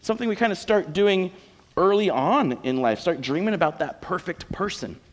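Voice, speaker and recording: A man's voice: high voice, lively intonation, normal speed, slight background noise. A man with an American accent preaching a sermon as a pastor, conversational and joking. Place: church auditorium. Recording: long reverb of a church hall.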